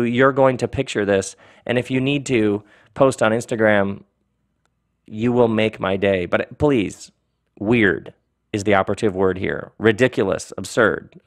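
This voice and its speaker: A man hosting his podcast, chatting playfully and then reading a silly rhyming story aloud, often laughing. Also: on the low side. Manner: animated, joking, laughs often. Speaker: podcast host.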